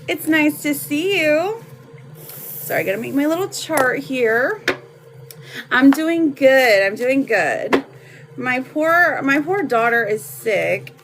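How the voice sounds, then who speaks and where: A woman in her thirties reading tarot cards on a live stream, chatty and affectionate with her viewers. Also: on the high side. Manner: chatty, affectionate, laughs often. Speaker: tarot card reader. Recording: noisy home live stream.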